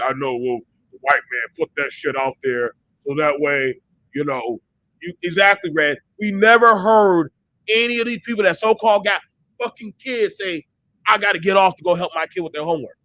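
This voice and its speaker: Profane, animated man with a bright, lively voice. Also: high voice, normal speed, rough recording. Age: adult parent. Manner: profane, emphatic, animated, mimics others in quotes. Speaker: online talk show host. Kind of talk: heated casual rant.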